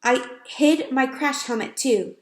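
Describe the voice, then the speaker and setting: A woman's voice: high voice, slow, pitched above the performer's own voice. A woman voicing an eager, dignified young male mouse who pleads and coaxes. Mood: coaxing. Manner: pleading, coaxing. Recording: roomy echo.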